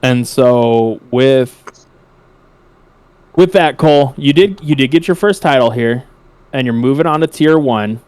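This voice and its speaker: A man hosting a post-match interview with the winning team, excited and drawn-out in his emphasis. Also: mid-range voice, clear, resonant tone, no echo. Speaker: esports caster interviewing winners.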